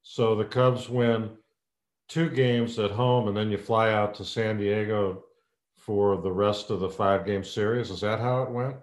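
A man hosting a casual podcast interview, his voice sitting low. He chats easily and laughs as he retells stories. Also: fairly even intonation, unhurried. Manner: chatty, laughs while telling anecdotes. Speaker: podcast host.

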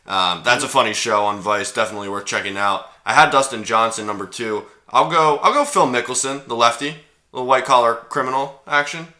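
A man's voice: mid-range voice, fairly quick, pushed and bright. A young man co-hosting a podcast, chatting casually about sports with jokes and rambling asides. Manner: joking, rambling with fillers. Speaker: podcast co-host.

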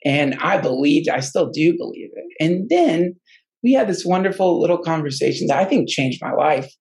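A man's voice: a little high, very animated, moderate pace, gravelly, darkish tone, rough recording. A man, a podcast guest, telling an earnest personal story in casual, rambling talk full of restarts and fillers. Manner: emotional, earnest.

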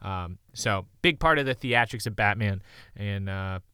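A man in casual conversation about a movie, animated and quick to laugh. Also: fairly low pitch, clean tone, no room sound, clean studio sound.

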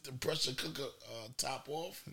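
A man's voice: mid-range voice, moderate pace, vocal fry, pushed and bright. A man joking and bantering on a casual podcast. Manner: joking banter with frequent laughs. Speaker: podcast co-host. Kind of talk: casual chat.

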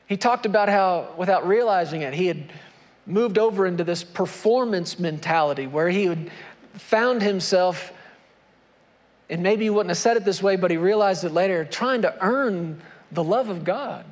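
A male pastor with a high voice preaches with emphasis and returns to the same phrases. His words ring out with a long reverb, as in a large church sanctuary. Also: moderate pace. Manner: repetitive, emphatic preaching with scripture reading. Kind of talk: sermon.

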